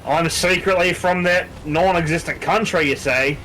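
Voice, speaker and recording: A man's voice: a little high, moderate pace, bright, forceful tone. A man playing a co-op game on a stream, in casual banter, teasing his partner and reading out item names.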